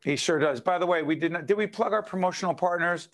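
Energetic New man hosting. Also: high voice, fast talker. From New Jersey. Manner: energetic, joking banter. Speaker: host. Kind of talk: talk show hosting.

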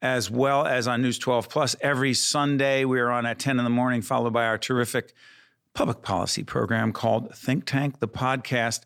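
A man's voice: mid-range voice, level tone, moderate pace, vocal fry, fairly bright tone, clear, resonant tone. A man hosting a studio talk show, bantering and teasing his co-host.

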